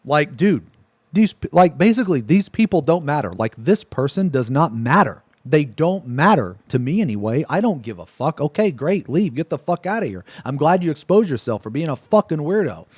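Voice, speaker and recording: A man streams and rants, swearing and sarcastic, sounding thoroughly fed up. His voice sits somewhat high and swings widely in pitch. The sound is dry and close, with no room echo. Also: very animated, normal speed, a little mellow, slightly rough. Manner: profane, exasperated, sarcastic ranting. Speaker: Twitch streamer. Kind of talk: ranting livestream commentary.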